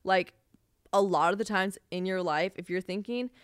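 A woman's voice: medium pitch, moderate pace, clear, resonant tone, dry recording, studio quality. A young woman hosting a podcast, chatting casually and venting in an exasperated way, swearing freely and saying "like" constantly. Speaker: podcast host. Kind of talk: casual solo chat.

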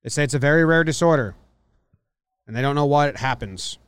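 A man's voice: mid-range voice, a little fast, a bit bright, clear, resonant tone, no echo. A man co-hosting a podcast, reading out an odd news story in a skeptical, wry way. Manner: skeptical, wry, reads news items aloud. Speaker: podcast co-host. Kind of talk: casual chat.

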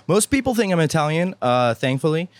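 A man's voice: fairly high pitch, sing-song, a little fast, a little hiss or hum. A man as a podcast guest, laid-back and wry in casual chat. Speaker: guest, social media manager.

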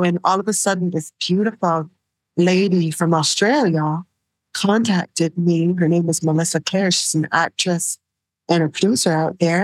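Low, flat-voiced woman telling her story. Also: no echo, poor audio. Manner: soft-spoken, halting, many fillers. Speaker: guest, survivor sharing her story. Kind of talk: personal storytelling in an interview.

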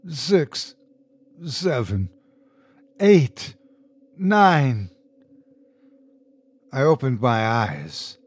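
A man hosting and narrating a scripted horror story, with measured, hushed storytelling and dramatic pauses. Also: medium pitch, dry recording. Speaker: host and narrator.

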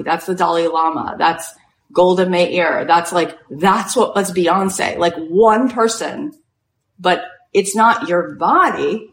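A woman spiritual coach giving an inspirational storytelling talk, animated and full of "like" fillers. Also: lowish voice, slight background noise. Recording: roomy echo.

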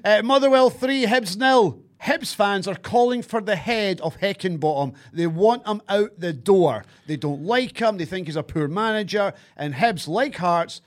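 A man's voice: sits high, a little slow, few pauses. A Scottish man hosting a football podcast, reading sponsor details and weekend results. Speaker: podcast host. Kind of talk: casual podcast chat and sponsor read.

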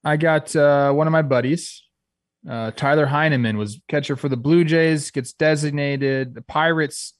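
A man's voice: a little high, moderate pace, no room sound, clean studio sound. A man co-hosting a casual sports podcast, talking in a loose, rambling way. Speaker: podcast co-host.

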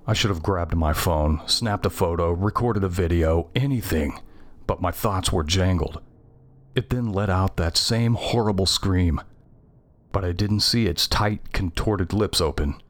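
A man's voice: deep voice, measured pace. A man narrating a first-person horror story in a tense, scripted reading.

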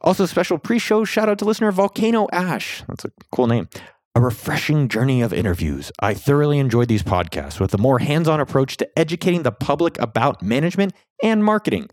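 A man hosting a podcast, talking in an upbeat, excitable, salesy way, then chatting casually with his guest. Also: fairly quick, dry recording, studio quality. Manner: upbeat, salesy, excitable delivery with sudden pitch jumps. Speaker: podcast host. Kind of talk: energetic podcast intro and casual interview.

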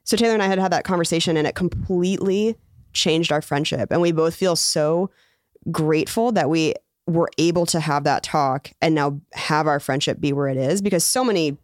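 Female comedian guest, low voice, animated storyteller, dry studio sound. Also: moderate pace, no echo. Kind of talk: casual chat.

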